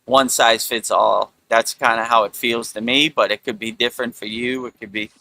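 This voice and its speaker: A middle-aged man hosting a spiritual talk, speaking in a relaxed, rambling way with lots of "you know". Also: mid-range voice, normal speed, creaky, dry recording, low-quality recording. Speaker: spiritual teacher and show host.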